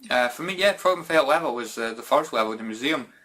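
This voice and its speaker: Talking very fast with lively intonation, this Scottish gaming YouTuber fields viewer questions in an informal vlog chat. His mid-range voice sounds pushed and bright, and "bloody" and "mate" come up again and again.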